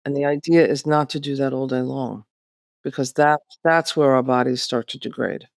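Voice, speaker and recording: Woman, podcast co-host, gravelly, reflective, calm explaining, dry close sound. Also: extremely low pitch, moderate pace, no room sound. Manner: calm, explanatory, therapeutic way of talking.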